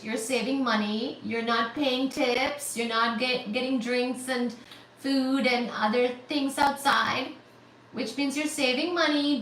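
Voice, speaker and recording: Woman livestream host, high and bright, bubbly chat, echoey room, mic at a distance. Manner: bubbly, excitable, squealing thanks. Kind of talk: casual livestream chat reading super chats. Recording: roomy, distant, faint static hiss.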